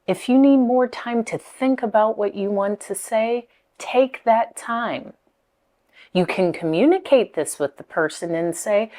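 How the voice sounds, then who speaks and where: A woman speaking coach giving motivational speaking tips, deliberate, pausing often and repeating key words. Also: fairly high pitch, lively intonation, warm tone.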